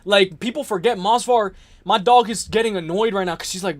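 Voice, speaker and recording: Hyped up guy on a livestream, kinda high voice, cussing and ranting at chat. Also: fairly quick. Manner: excitable, profane, joking rants. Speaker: live-stream host. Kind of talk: casual live-stream chat reading viewer comments.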